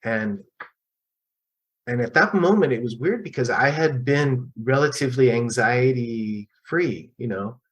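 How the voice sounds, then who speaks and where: A middle-aged man telling his personal recovery story at a support group meeting, halting and candid, with frequent restarts and pauses. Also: medium pitch, muffled recording.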